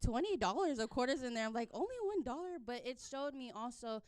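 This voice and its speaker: A woman's voice: a little high, fairly quick, smooth, no echo. A young woman sharing a personal testimony at a church service, telling a family story with many fillers. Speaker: church member giving a testimony.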